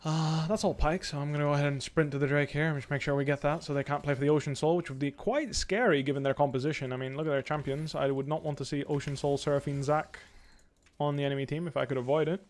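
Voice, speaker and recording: Young man calmly analyzing his own gameplay. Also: fairly high pitch, fast talker. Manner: thinks aloud, calm and analytical. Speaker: pro gamer streaming. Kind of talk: live gameplay commentary.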